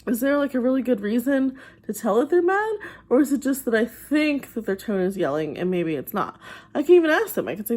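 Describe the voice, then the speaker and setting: A woman's voice: a little high, very animated. A woman who works as a behavioral therapist, talking to the camera and patiently explaining advice to children. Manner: gentle and patient, acts out parents' voices in quick asides.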